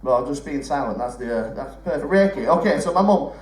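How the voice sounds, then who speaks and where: A stand-up comic in a roomy theatre. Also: male voice, medium pitch, animated, fairly quick, recorded from a distance. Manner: chatty, crowd-teasing, swears freely. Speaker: stand-up comedian. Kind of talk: live stand-up comedy. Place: theatre stage with live audience. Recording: roomy theatre sound from off-mic.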